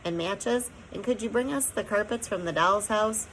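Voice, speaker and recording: A woman reading an audiobook, voicing an anxious tiny mother with a husky, moaning voice. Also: mid-range voice, moderate pace, fairly bright tone, slight background noise, voice pushed up, lightly acted, low-quality recording. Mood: fretful. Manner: worried, pleading.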